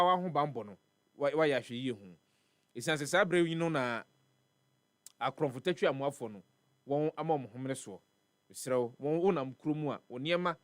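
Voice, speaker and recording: A man's voice: mid-range voice, fairly bright tone, dry recording. A man with a Ghanaian accent hosting a live morning radio show, reading weather and traffic and chatting, repeating words for emphasis. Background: faint music bed.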